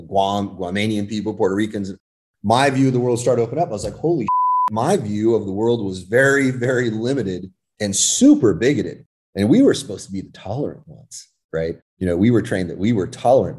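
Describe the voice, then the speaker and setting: A deep-voiced American man speaks as a podcast guest, with a mellow, warm tone. He talks in a loose, casual way, full of "you know" and "right", and tells personal stories with lively energy. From California, United States. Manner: animated storyteller, frequent fillers. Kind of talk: casual conversation.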